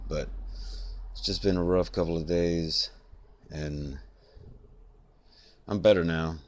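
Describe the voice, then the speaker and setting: A man, hoarse and congested from being sick, rambling reflectively in a late-night solo podcast. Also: low voice, steady tone, slow, a little hiss or hum. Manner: rambling, reflective, many fillers. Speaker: podcast host.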